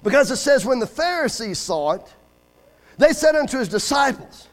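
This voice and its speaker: High-pitched guy preaching in church, story after story with acted quotes, asks for amens. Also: lively intonation, normal speed, a bit bright. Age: middle-aged. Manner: storytelling with acted quotes, rising to emphatic calls for amen. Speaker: guest preacher. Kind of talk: sermon. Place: church service.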